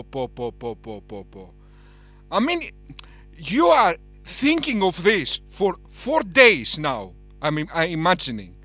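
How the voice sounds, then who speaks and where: A man's voice: high-pitched, pushed and bright, no echo. A man giving heated reaction commentary on a debate clip, scornful and mocking, and laughing at his own outbursts.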